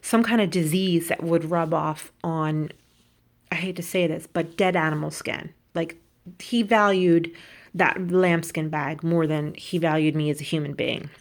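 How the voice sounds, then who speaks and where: A woman vlogging about luxury shopping, telling a story in an animated, indignant way. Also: low voice, measured pace. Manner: animated, indignant, quotes people in put-on voices. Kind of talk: casual storytelling rant.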